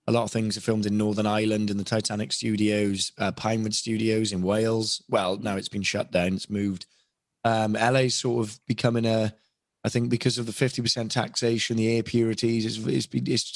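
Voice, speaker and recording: A man's voice: fairly low pitch, flat delivery, brisk, creaky, no room sound, clean studio sound. A young British man, a voice actor guest on a podcast, talking candidly in a casual interview with many restarts and asides. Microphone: podcast microphone.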